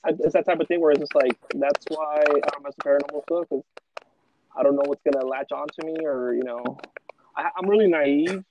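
A man's voice: fairly high pitch, a little fast, muffled recording, noisy background. A man hosting a casual chat, telling a story in a rambling way with lots of fillers. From Los Angeles. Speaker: podcast host.

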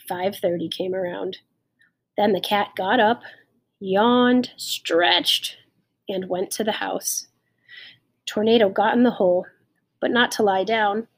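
With a mid-range, slightly rough voice, a woman narrates an audiobook in a steady, measured storytelling style.

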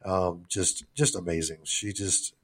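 A man's voice: low-pitched, steady tone, unhurried, fairly bright tone, slightly rough. A middle-aged man co-hosting a podcast, rambling casually with plenty of swearing and jokes. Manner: rambling, profane, joking. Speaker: podcast co-host.

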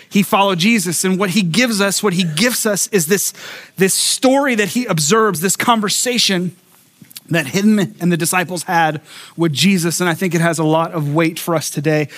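A middle-aged male pastor preaching a sermon, telling a personal story with acted-out quotes and stumbling restarts. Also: sits high. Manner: animated storyteller who acts out quotes and repeats words.

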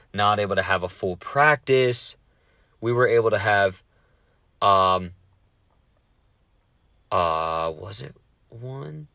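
A man hosting a casual sports podcast, talking fast with lots of swearing and rambling asides. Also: deep voice, sharp tone, dry recording.

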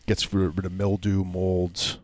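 A man co-hosting a comedy podcast, playing along deadpan with halting, restarting sentences. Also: low voice, no room sound. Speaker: podcast co-host. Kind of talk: improvised comedy banter.

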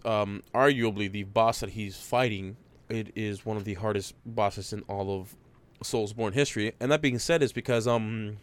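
On a casual gaming podcast, a male co-host with a smooth, lowish voice rambles through game details at length, restarting often.

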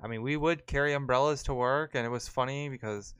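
A man hosting a casual livestream who laughs easily and swears offhandedly. His voice is smooth and clear, with a dry, close sound and no room echo. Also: medium pitch, fast talker, fairly bright tone. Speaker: livestream host. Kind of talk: casual chat.

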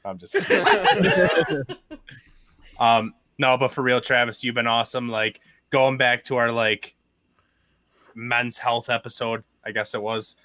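Bright-voiced man, crude podcast banter. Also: medium pitch, little pitch movement, a little slow. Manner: joking, crude, turns sentimental. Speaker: podcast co-host.

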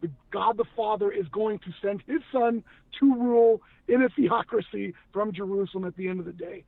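A man's voice: sits high, moderate pace, vocal fry, dry recording. A man, a guest who once acted and now works in news media, talking earnestly and emphatically about faith in a casual conversation, with many restarts. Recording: tinny phone-like line, dry.

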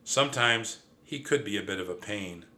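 A man voicing a sensible female mouse cousin who speaks softly in a storybook reading. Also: on the low side, normal speed. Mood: candid. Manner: soft, level-headed.

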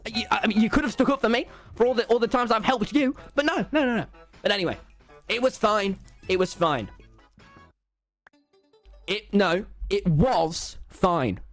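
Rambling British teenage lad streaming. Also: male voice, high voice, lively intonation, normal speed, long pauses, fairly bright tone, soft background music. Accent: British English. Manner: rambling, sarcastic, mock self-pity. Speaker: live streamer. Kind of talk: casual storytelling while gaming on a live stream.

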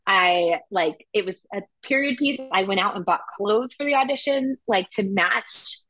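A woman's voice: medium pitch, animated, normal speed, pushed and bright. A woman co-hosting a podcast, telling a story in a casual chat with lots of filler words. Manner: chatty storytelling, heavy use of "like". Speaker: podcast co-host.

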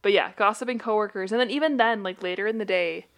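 A woman's voice: medium pitch, fast talker. Chatty young woman telling stories, laughing. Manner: animated storyteller, laughs often. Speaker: podcast co-host. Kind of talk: casual chat. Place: at home. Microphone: remote call headset.

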